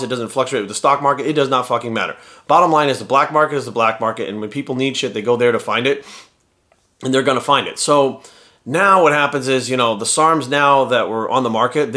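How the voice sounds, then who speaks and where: A man's voice: mid-range voice, a bit bright. A man and fitness vlogger ranting bluntly to his viewers, lecturing with heavy swearing. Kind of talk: profane casual rant to viewers.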